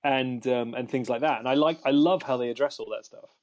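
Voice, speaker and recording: A man's voice: mid-range voice, steady tone, a little fast, a little mellow. A man hosting a podcast, chatting casually and rambling with fillers and restarts. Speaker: podcast host. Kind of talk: casual chat.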